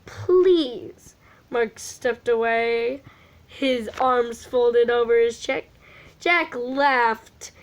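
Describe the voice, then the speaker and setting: High slow-reading woman, casual. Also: fairly even intonation, clear, resonant tone. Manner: stumbling over words, chatty asides. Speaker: fan fiction reader. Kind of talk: casual read-aloud of a story.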